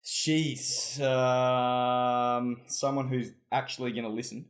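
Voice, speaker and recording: A man's voice: medium pitch, flat delivery, takes it slowly. A man with an Australian accent, a podcast guest chatting in a rambling, easygoing way. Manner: easygoing, rambling, laughs often. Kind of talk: casual chat.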